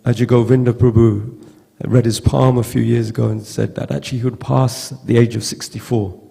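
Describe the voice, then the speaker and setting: A man giving a halting, heartfelt storytelling tribute at a memorial gathering, often repeating words. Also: medium pitch, level tone, dark tone, in a large hall. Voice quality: gravelly. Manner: halting, repeats words, acts out quoted voices. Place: temple hall with long reverb.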